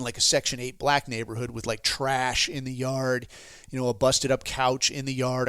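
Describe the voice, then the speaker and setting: A man's voice: medium pitch, a bit bright, clean tone, no echo. Man, podcast host, sardonic profane rant, rambling, dry close sound. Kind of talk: casual ranting monologue.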